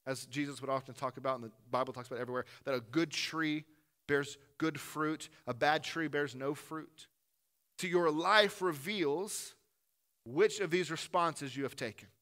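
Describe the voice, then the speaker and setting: A male pastor delivers an earnest sermon in a church room, his voice bright and forceful. He sits a little higher than most men and swings from loud emphatic peaks to hushed, low asides. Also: moderate pace. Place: church room with a gathered congregation.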